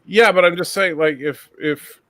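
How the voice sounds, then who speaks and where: A man's voice: sits high, moderate pace, a bit bright, no echo. A man hosting a casual online chat, bantering with wry, opinionated remarks. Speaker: podcast host.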